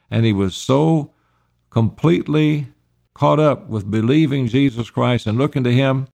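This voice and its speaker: A man's voice: mid-range voice, vocal fry, a little mellow. A man pastor reading Bible verses aloud and then explaining them in plain words for his congregation. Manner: reads scripture then paraphrases it plainly. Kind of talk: Bible study sermon.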